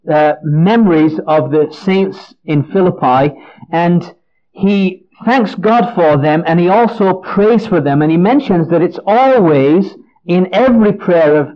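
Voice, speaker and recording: Earnest high-voiced male preacher. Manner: earnest, repeats words as he explains. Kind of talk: Bible teaching sermon. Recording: dull lo-fi recording.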